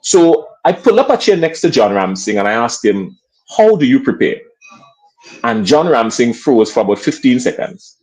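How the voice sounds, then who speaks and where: A man's voice: mid-range voice, moderate pace, rough recording. Grenadian man in his fifties telling a story. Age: 50s. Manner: lively storyteller acting out quoted voices. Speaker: sports commentator guest. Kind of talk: animated storytelling in an interview.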